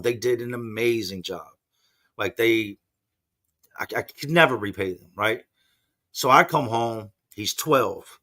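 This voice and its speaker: A man's voice: lowish voice, bright, forceful tone. A man in his forties telling a personal story in a loose, rambling, slangy way, saying he's just woken up and isn't a morning person. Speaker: podcast host. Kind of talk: casual storytelling.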